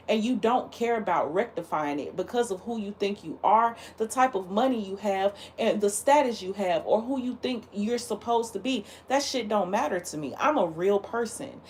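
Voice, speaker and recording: A woman's voice: medium pitch, normal speed, hardly any pauses, darkish tone, a little hiss or hum. A woman hosting a livestream, talking casually in a blunt, heated and emphatic way. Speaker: livestream host.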